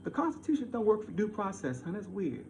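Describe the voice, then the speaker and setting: A man's voice: sing-song, quick pace, slight background noise. Heated man ranting. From Baltimore. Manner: heated, repetitive, swings from loud to low. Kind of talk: ranting monologue.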